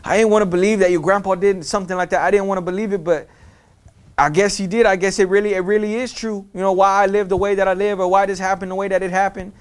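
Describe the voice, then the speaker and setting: Shaken father figure, halting and repetitive, voiced by a man retelling it. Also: high-pitched, fairly even intonation, clear, resonant tone, lightly acted. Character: tearful father confessing a family secret.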